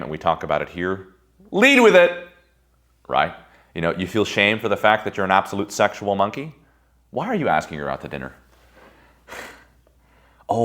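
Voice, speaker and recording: A man giving a motivational talk to a group, intense and profane, dropping to a hushed whisper for emphasis. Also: sits low. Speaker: motivational speaker.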